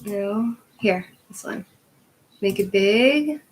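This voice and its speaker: A woman who hosts a tarot channel chats casually on her video at home with her dog, trying yoga stretches while a little out of breath. Her medium-pitched voice draws out words as she rambles, laughs often and says "like" a lot. The recording is low quality with slight background noise.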